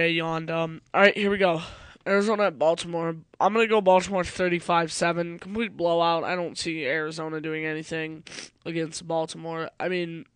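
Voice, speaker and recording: Tired guy rambling thru his sports picks, high smooth voice, dry sound, keeps correcting himself. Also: dry recording. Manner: rambling, self-correcting, swears offhand. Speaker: video host. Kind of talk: casual sports prediction commentary.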